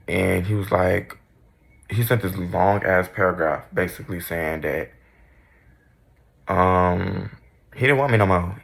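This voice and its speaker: A man's voice: lowish voice, vocal fry, fairly bright tone. A young man in casual storytime mode, candid, profane and dramatic about his own past. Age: young adult. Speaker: vlogger.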